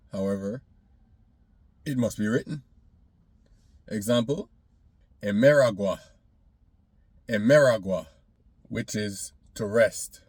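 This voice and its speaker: A man with a lowish, slightly husky voice teaches a language lesson at a very slow, careful pace. He repeats every example word twice, a little louder each time, before he explains it. The sound is dry and close. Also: dry recording.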